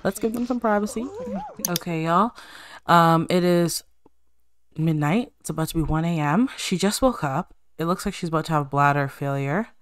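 A young woman chatting excitedly through a life-simulation game, talking to her viewers in a slangy, casual way. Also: low-pitched, normal speed, no room sound. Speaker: let's play creator. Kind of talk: casual gameplay commentary.

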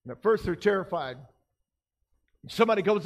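A male pastor preaching a sermon, emphatic, his delivery swinging between soft passages and loud ones. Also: high-pitched, normal speed, long reverb tail. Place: church sanctuary.

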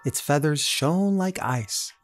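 Lively woman reading a storybook. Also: slow pace, soft background music. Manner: animated, voices characters with high squeaks. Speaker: children's book reader. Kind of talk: reading a picture book aloud.

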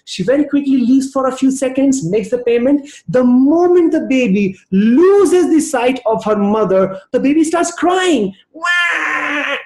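A man giving a lively motivational training talk over a video call, telling stories and calling on participants by name. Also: high-pitched, reverberant. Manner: animated storytelling, addresses participants by name. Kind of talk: virtual training session talk.

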